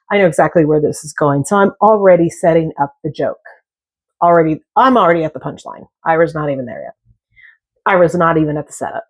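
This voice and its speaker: A middle-aged woman chats while she cooks, drifting from one story to the next with jokey asides. Her voice sits fairly low for a woman. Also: darkish tone. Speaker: cooking vlogger. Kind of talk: casual chat while cooking.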